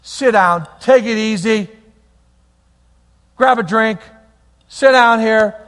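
A man's voice: sits high, slow pace, a bit bright, in a large hall, pitched above the performer's own voice. A preacher voicing God as a playful, protective father, in a casual, teasing, raised voice.

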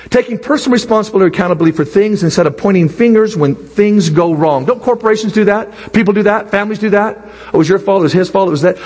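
Husky older man preaching in a hall. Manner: animated, swings from low asides to high excited bursts. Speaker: pastor. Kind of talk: sermon.

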